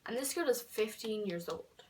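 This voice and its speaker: A teenage girl telling a story in a casual vlog, chatty and full of fillers, dropping to whispers and then bursting out loud. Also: on the high side, expressive, moderate pace, recorded from a distance. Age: teens. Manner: chatty, filler-heavy, swings between whispered asides and loud outbursts. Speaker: vlogger.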